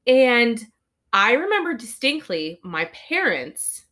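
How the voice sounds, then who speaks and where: A woman podcast co-host from Southern California, a parent, chatting casually and quickly about a cartoon episode. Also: on the high side. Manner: chatty, animated, quick retelling with acted-out quotes. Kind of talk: casual chat recapping a cartoon.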